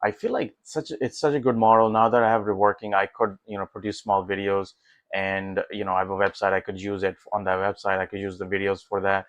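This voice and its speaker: A man's voice: deep voice, fairly quick, no room sound. A man talking casually as a tech vlogger, walking through his test results with lots of fillers and restarts. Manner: rambling, many fillers and restarts; excited, easygoing. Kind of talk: casual walkthrough commentary.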